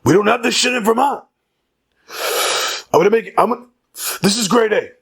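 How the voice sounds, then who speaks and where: A man doing an impression of an elderly male politician who is stoned and excited, talking loudly and repeating the listener's name. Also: high-pitched, a little fast, vocal fry, slightly rough, pitched above the performer's own voice, full character voice.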